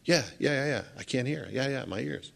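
A man voicing a quiet, resigned deaf and mute man in a hushed, murmuring voice, with long hall reverb. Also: medium pitch, a little fast, creaky.

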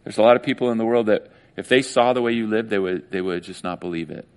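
A male pastor preaching a casual sermon, animated and conversational, often acting out little quoted voices. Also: lowish voice, quick pace.

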